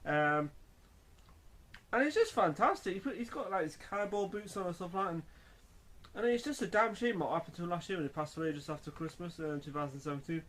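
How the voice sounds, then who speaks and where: A man's voice: high voice, fairly quick, fairly bright tone. A man reviewing a film in a casual, rambling way, full of fillers and restarts.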